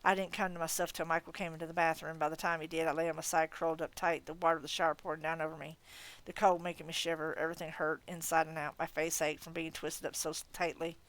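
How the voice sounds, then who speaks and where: A woman reading a novel aloud in an expressive, casual manner. Her voice is getting tired. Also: sits low, fast, hardly any pauses. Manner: expressive reading, breaking off to laugh and comment. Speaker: audiobook reader.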